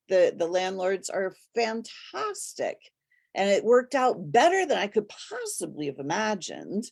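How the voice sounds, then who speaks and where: A woman talking casually and earnestly, telling stories in a steady way. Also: mid-range voice. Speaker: host. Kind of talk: casual conversation.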